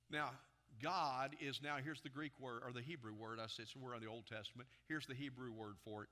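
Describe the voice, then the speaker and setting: A man preaching a sermon as pastor, with emphatic delivery that swells in loudness and keeps asking the congregation questions. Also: medium pitch, fairly even intonation, fairly quick. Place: church sanctuary. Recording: long reverb of a church hall.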